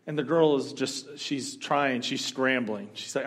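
A man's voice: medium pitch, measured pace, few pauses. Man preaching a storytelling sermon. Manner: storytelling, animated, humorous asides. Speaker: pastor.

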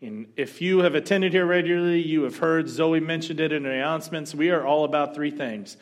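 A male pastor telling a story during a sermon, animated and joking now and then. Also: fairly high pitch, brisk. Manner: storytelling, animated, humorous asides.

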